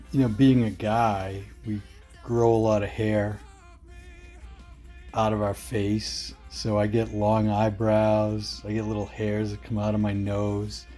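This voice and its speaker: Mellow middle-aged dad. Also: male voice, fairly low pitch. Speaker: father of the bride. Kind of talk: casual video message.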